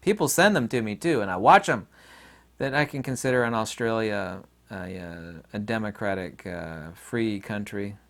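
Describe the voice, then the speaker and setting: A man's voice: lowish voice, a bit bright. A man hosting his own channel, delivering a rambling, opinionated monologue to his viewers with many fillers and asides. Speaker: channel host.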